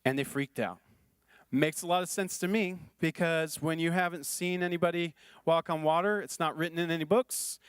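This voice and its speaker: A male pastor delivers a sermon in an earnest, chatty manner and repeats his phrases for emphasis. His voice sits fairly high for a man. The recording is dry and close, with no room echo. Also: clear, resonant tone.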